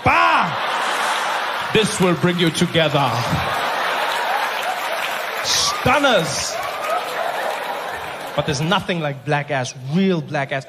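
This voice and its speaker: A high-voiced South African comedian works a live crowd and swings his voice around as he jumps between characters. A noisy room full of laughing people sits behind him. The recording carries a steady hiss of background noise. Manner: animated, acting out characters, big vocal swings. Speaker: stand-up comedian. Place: stage before a live audience. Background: audience laughter.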